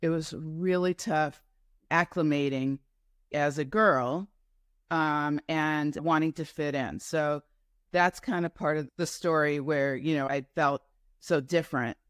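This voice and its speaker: A woman's voice: sits low, fairly even intonation, a little slow, smooth, no echo, studio quality. A woman from New York, a guest in a casual interview, telling her story in a meandering way with many asides and self-corrections. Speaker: guest entrepreneur.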